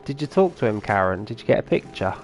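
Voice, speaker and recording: A man's voice: fairly low pitch, big pitch swings, quick pace, faint music behind. A man streaming a farming game, chatting casually and answering his viewers' comments as he plays. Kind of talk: casual live-stream chat.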